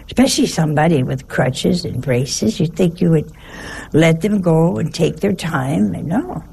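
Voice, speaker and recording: A woman's voice: low voice, a little slow, vocal fry, warm tone, husky. A woman giving a conversational sermon in a folksy, humorous way, full of rhetorical questions. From Italian family. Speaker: religious teacher.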